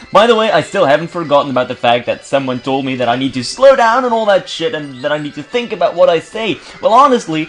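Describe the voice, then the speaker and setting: A man's voice: fairly high pitch, quick pace, few pauses. A man casually commentating his gameplay, stuttering and restarting words often, with joking, sarcastic asides. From Belgium. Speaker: let's play commentator.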